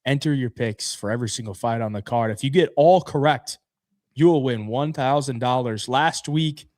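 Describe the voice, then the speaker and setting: A man's voice: medium pitch, normal speed, a little mellow, no echo. Chill guy cohosting fight picks, dry room sound. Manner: laid-back, reads promo plugs. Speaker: podcast co-host. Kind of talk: casual fight-picks chat.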